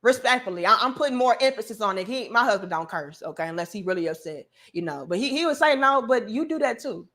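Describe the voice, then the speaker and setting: A woman's voice: mid-range voice, animated, quick pace, hardly any pauses, fairly bright tone. A woman, hosting an emphatic, preachy opinion monologue. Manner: emphatic, preachy, acts out quoted voices. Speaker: commentary show host.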